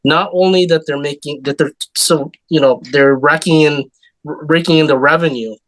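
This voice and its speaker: A man's voice: fairly high pitch, steady tone, normal speed, no echo. A man co-hosting a sports talk show, talking hesitantly and restarting and repeating his words.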